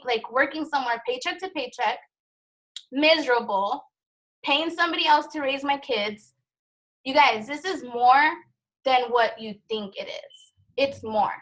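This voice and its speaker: A woman's voice: high voice, a bit bright, low-quality recording. A woman in her thirties leading a motivational training call, emotional and rambling, with a fired-up pep-talk manner. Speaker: team leader of a sales business. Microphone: call recording.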